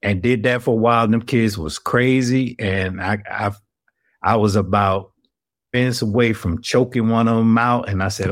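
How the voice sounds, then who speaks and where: Man, guest storyteller, animated, voices quoted people, dry close sound. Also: on the low side, moderate pace, no room sound. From Atlanta, US South. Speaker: investigative reporter, guest. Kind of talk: storytelling in a podcast interview.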